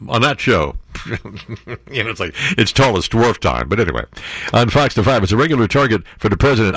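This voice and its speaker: A sarcastic man talking through the news in a casual, jokey way. His pitch jumps around, from low mutters to high mock alarm. The voice sounds close and dry, with no room around it. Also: a bit bright, breathy edge, no room sound. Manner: sarcastic, jokey asides, frequent fillers; swings between mock outrage and mutters. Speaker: commentary host. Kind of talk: casual political commentary, reading news aloud.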